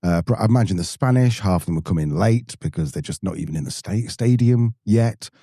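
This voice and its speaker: A man's voice: on the low side, lively intonation, brisk, dark tone, breathy edge, no echo, clean studio sound. A man with an English accent hosting a podcast, joking and teasing his co-host. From England. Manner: jokey, teasing. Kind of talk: casual chat.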